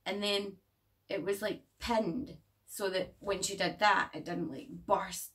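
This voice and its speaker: A woman casually reviewing a horror movie in a chatty, animated way, swearing freely. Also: mid-range voice, slow, distant mic.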